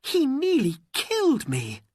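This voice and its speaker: A reader voicing an earnest young boy hero, speaking in high, pleading exclamations in a storybook reading. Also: huge pitch swings, slow, a little mellow, no room sound, studio quality, heavily acted.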